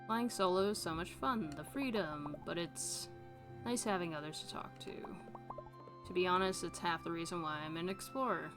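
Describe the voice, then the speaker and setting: A woman's voice: lowish voice, moderate pace, over music, natural voice. A woman reading game dialogue aloud for a chatty, adventurous female albatross explorer in a friendly, upbeat way.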